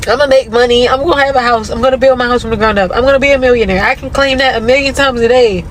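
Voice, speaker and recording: A man's voice: very high-pitched, racing, a bit bright, slight background noise, low-quality recording. Impassioned swearing man ranting. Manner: impassioned, swearing, repetitive pleading. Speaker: social media commentator. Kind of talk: emotional rant to camera.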